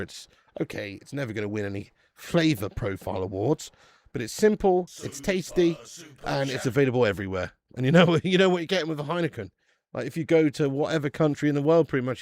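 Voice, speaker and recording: Laddish football streamer. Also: male voice, mid-range voice, no room sound, studio quality. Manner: chatty and laddish, swears, calls viewers mate and lad; bursts out loud at match chances. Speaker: football watch-along streamer. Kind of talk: live match watch-along chat.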